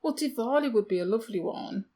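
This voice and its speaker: A woman's voice: on the high side, lively intonation, fast, mellow. A woman co-hosting a podcast, chatting casually with self-deprecating asides and rhetorical questions. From United Kingdom. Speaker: podcast co-host. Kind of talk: casual chat.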